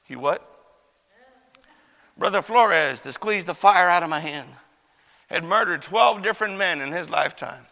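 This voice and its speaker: A man's voice: high voice, lively intonation, a little slow, vocal fry, pauses often, pushed and bright. Folksy male preacher in a reverberant hall. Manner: folksy storyteller with many fillers and quoted voices. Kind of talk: sermon with storytelling. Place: church chapel.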